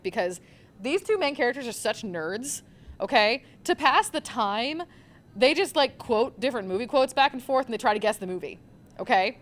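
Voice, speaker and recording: A woman's voice: a little high, expressive, fairly quick, fairly bright tone. A young woman recommending manga on a live convention panel, gushing and rambling with lots of fillers.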